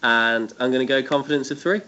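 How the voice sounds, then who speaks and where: A man's voice: mid-range voice, a little fast, a loud crowd. Guest man, muffled line. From United Kingdom. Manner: hesitant, self-deprecating, chuckling. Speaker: podcast guest. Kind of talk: casual podcast chat.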